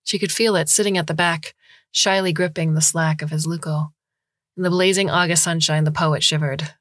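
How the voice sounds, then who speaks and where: Low, husky woman narrating a story. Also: steady tone, moderate pace, dry recording, studio quality. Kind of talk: scripted audiobook narration.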